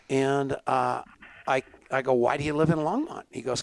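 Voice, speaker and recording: A man's voice: mid-range voice, steady tone, fairly quick, vocal fry, slight background noise. A man hosting a talk show, joking, laughing often and telling stories in casual banter. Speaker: show host.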